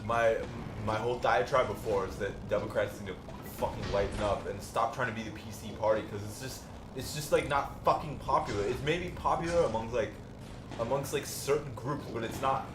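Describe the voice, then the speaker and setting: A man's voice: mid-range voice, a little fast, music in the background. A man co-hosting a podcast, chatting casually and bluntly while playing a video game, swearing often. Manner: blunt, heavy swearing, ranting. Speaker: podcast co-host. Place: home streaming setup. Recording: roomy echo, background noise. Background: game sounds.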